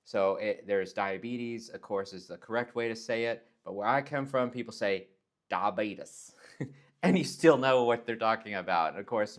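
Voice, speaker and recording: Chatty man, low voice. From Texas, United States. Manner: chatty, demonstrates pronunciations with exaggerated tones. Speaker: nurse vlogger. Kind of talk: casual explanatory vlog.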